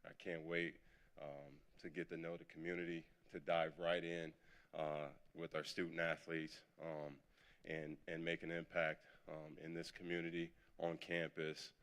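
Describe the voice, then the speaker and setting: A man speaking as the new head coach at a press conference, halting and filler-heavy, moved. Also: deep voice, completely flat delivery, a bit bright. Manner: halting, with many fillers, emotional. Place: press conference podium in a hall.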